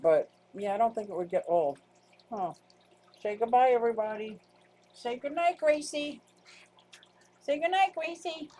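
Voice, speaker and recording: A woman's voice: on the low side, mellow, breathy edge. A woman from upstate Pennsylvania hosting a casual livestream, chatting loosely and answering viewer comments in a rambling, self-interrupting way. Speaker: livestream host.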